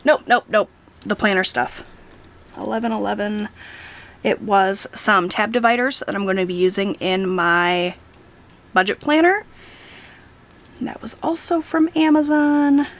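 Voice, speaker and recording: A woman's voice: medium pitch, unhurried, long pauses. Chatty woman musing over her budget. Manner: chatty and musing, thinks out loud with hesitations. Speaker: budgeting vlogger. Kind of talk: casual talk while logging expenses.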